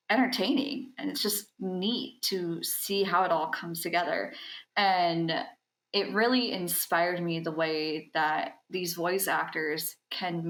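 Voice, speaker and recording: A woman's voice: lowish voice, reverberant, poor audio. A young woman talking as a podcast guest, telling enthusiastically about her convention work, with frequent ums. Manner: animated and enthusiastic, with filler ums. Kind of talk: casual interview chat.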